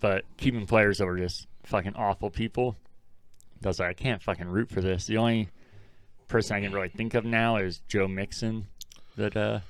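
A man's voice: on the low side, steady tone, normal speed, smooth, no echo. A young man from Ohio co-hosting a casual sports podcast, laid-back and swearing often. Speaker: podcast co-host.

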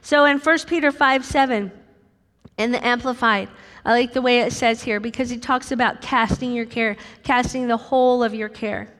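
Middle-aged American woman preacher, high voice, animated sermon delivery, church hall reverb. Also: normal speed. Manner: animated, acts out voices with sudden high squeaks.

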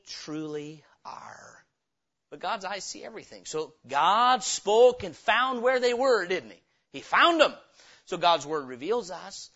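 A man's voice: high voice, pushed and bright, highs cut off. A man preaching an emphatic youth revival sermon, acting out the voices he quotes.

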